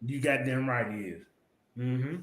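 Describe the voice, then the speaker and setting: A man's voice: medium pitch, unhurried, a bit bright. Rambling male stream host, echoey room. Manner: loose, repetitive, swears casually. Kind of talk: casual live stream talk.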